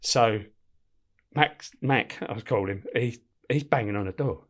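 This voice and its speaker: A middle-aged man telling stories in an animated, casual way. He swears freely and breaks into laughter mid-story, with a voice of ordinary male pitch. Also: a little slow. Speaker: guest, former prison officer. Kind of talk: casual storytelling in a podcast interview.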